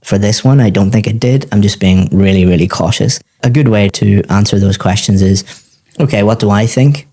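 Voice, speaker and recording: Man, exam tutor, methodical feedback, encouraging, low pitch, warm tone. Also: brisk, few pauses. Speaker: IELTS teacher giving feedback.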